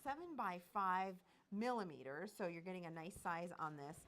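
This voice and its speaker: A woman hosting a live jewelry shopping show, enthusiastically pitching pieces and prices. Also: expressive, moderate pace, a bit bright, a little hiss or hum. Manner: bubbly, enthusiastic, gushes over pieces and prices.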